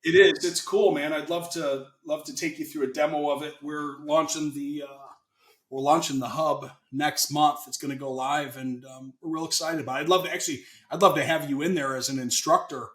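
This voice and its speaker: A man's voice: fairly high pitch, fairly even intonation, brisk, a bit bright. Enthusiastic American man, roomy sound. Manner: enthusiastic, chatty, salesy. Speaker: guest, financing consultant. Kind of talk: casual interview chat.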